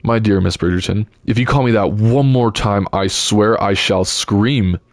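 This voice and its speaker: A man's voice: fairly low pitch, a little slow, no room sound. A man voicing a haughty, rakish young duke who speaks in a dry, superior drawl.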